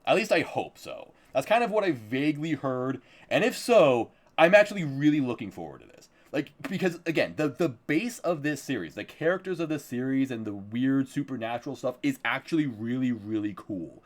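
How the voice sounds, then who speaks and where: A man's voice: medium pitch, very animated, moderate pace, few pauses. A man streaming live, chatting casually about upcoming anime, swearing freely and laughing often.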